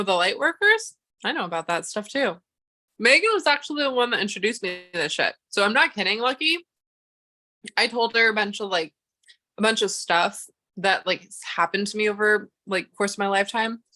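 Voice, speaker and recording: A woman's voice: mid-range voice, expressive, normal speed, sharp tone. A young woman chatting casually to her livestream audience, rambling off on tangents and breaking into exasperated, swearing rants.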